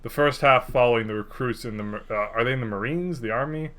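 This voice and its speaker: A man's voice: medium pitch, quick pace, a bit bright. A young man co-hosting a podcast in a casual, rambling chat, cursing freely. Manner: rambling, laid-back, swears freely. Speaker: podcast co-host.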